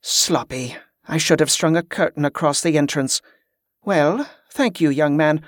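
An audiobook narrator voicing a middle-aged monk man who speaks in a measured, formal way. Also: medium pitch, no room sound, studio quality, natural voice. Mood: calm.

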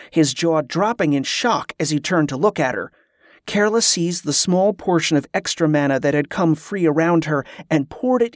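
An audiobook narrator reading a fantasy story in a steady, even way. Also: medium pitch, dry recording, studio quality.

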